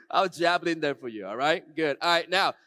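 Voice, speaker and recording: A slightly high-voiced man runs a magic trick with a volunteer during a live keynote before an audience. He alternates between quiet, unhurried stretches and loud, excited exclamations.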